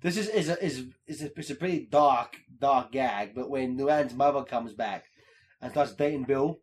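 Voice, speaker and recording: A man chatting casually, retelling scenes with halting speech and fillers. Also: mid-range voice. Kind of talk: casual podcast chat.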